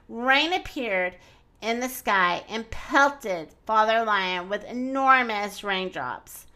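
A woman reading a children's storybook aloud in an expressive, animated way. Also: a little high, slow.

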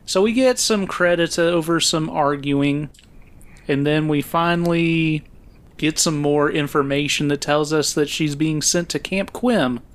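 A man's voice: a little high, steady tone, unhurried. A man co-hosting a casual film-review podcast, recapping the plot with fillers and frequent laughs. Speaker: podcast co-host.

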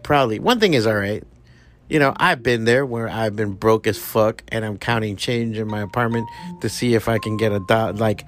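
A man hosting a podcast, ranting bluntly with heavy swearing and bits of Spanish slang. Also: medium pitch. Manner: profane, blunt and animated. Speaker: podcast host. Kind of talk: casual ranting commentary.

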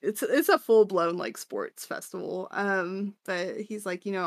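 A woman's voice: mid-range voice, animated, measured pace, dry recording. A woman co-hosting a podcast, recapping chapters in casual chat, full of fillers and laughter. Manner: chatty, lots of fillers and laughter. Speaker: podcast co-host.

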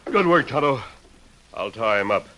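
A man's voice: mid-range voice, lively intonation, moderate pace, background noise, lightly acted. An actor playing a stern masked lawman hero in a 1940s radio drama, firm and commanding.

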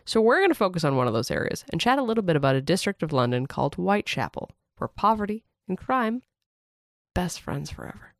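Deadpan host reading a history bit, dry close mic sound. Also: mid-range voice, fast talker, no echo. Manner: wry, deadpan asides. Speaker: podcast host and narrator. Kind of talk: comedic history narration.

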